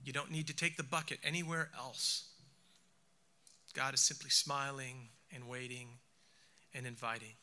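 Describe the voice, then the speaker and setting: A man preaching a reflective sermon who slows down and softens his voice for emphasis. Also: mid-range voice, flat delivery. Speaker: speaker.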